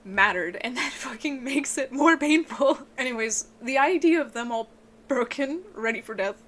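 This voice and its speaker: An excitable woman giving an emotional, casual book review, swearing often and sounding tearful. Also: normal speed. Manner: excitable, swears a lot, voice breaks into high yelps.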